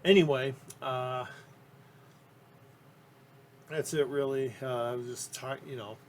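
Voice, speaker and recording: Everyday man of middle pitch, chatty collector, rambly and keen, lots of ums, faint background hiss. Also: steady tone, unhurried. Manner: rambling, with many ums and restarts; enthusiastic. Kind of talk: casual interview talk.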